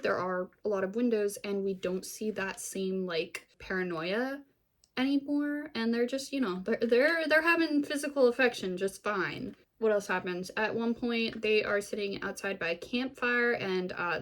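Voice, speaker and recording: Chatty, animated woman recapping a show. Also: mid-range voice, moderate pace. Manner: animated, gossipy, full of "like" and asides. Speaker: vlogger. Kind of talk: casual recap of a TV series.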